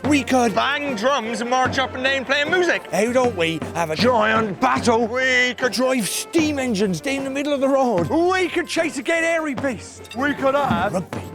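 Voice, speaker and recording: A man's voice: extremely high pitch, normal speed, music in the background. A man voicing Piran, a cheerful, easygoing Cornish man with a broad Cornish accent who talks in dialect. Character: cheeky, easygoing Cornish man, fond of fun.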